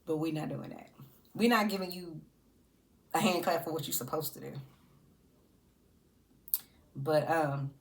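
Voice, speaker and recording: A woman's voice: low-pitched, measured pace, gravelly, pauses often. A woman giving casual, sassy reality TV commentary. She laughs often and talks to her subjects directly.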